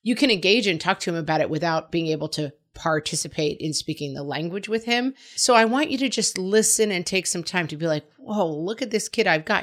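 A woman with a slightly low voice gives parenting advice in a loose, conversational way. She is frank and emphatic, and she keeps slipping into quick asides as she answers a listener's question. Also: a bit bright. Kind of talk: casual advice talk.

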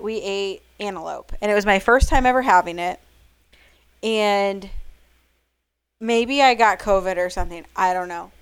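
A woman's voice: medium pitch, smooth, dry recording. A woman hosting a casual chat, asking rambling questions full of restarts.

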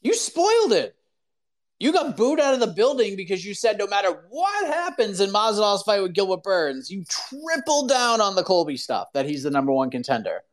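A man hosting a live call-in show, ranting in an animated, opinionated way full of "like" fillers. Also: sits high, moderate pace. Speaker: podcast host.

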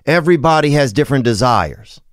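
A man's voice: medium pitch, expressive, fairly quick, no echo, clean studio sound. A man hosting a podcast, riffing in casual comedic chat with rambling, slangy, absurd monologues. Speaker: podcast host.

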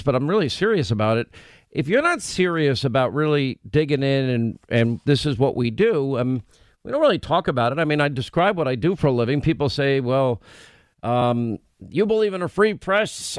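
A middle-aged man with a New York accent hosting a talk radio show, emphatic and quick, often breaking off mid-sentence. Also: on the high side, dry recording. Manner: emphatic, rapid, self-interrupting.

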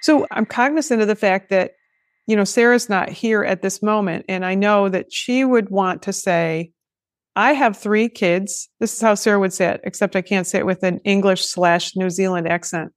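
A woman's voice: mid-range voice, no room sound, studio quality. Chatty woman podcast host. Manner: chatty, self-deprecating, quick asides. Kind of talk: casual interview chat.

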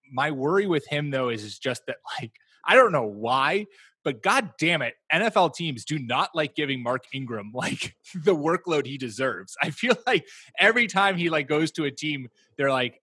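A man hosting a casual fantasy football podcast, talking in an animated way with laughs. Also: a little high, normal speed, husky, no echo. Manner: animated, laughs, mimics others. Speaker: podcast host.

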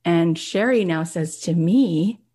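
A woman's voice: lowish voice, slow pace, husky. Woman giving an emphatic motivational talk. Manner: emphatic, animated, often asks "right?". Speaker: podcast host.

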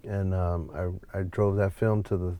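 A deep-voiced man, a photographer appearing as an interview guest, tells a long story at normal speed. The conversation is casual and profane, and he animates the anecdote by doing quoted voices.

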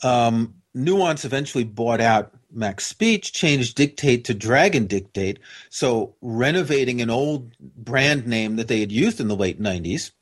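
A man's voice: mid-range voice, lively intonation, measured pace, hardly any pauses. Methodical American man explaining. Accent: General American. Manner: methodical, patient, explains step by step. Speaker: guest expert. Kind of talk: explanatory interview answers.

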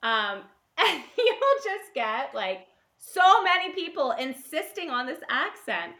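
A woman's voice: high voice, slow. A woman who works as a casting director and producer, telling stories in a casual interview and laughing often. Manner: animated, laughing storyteller. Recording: roomy echo.

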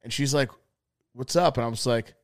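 A man's voice: medium pitch, moderate pace, vocal fry, no room sound, clean studio sound. A young man casually telling a wild story on a podcast, cursing freely, acting out quotes and laughing often. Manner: animated, profane, acts out quotes, laughs a lot. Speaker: podcast co-host.

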